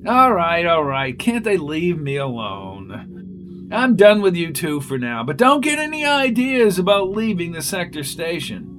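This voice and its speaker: A man reading aloud as a gruff, irritable male inspector who blusters and complains. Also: a little high, very animated, unhurried, a bit bright, a little hiss or hum, voice pushed up. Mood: brusque. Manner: blustering, exasperated.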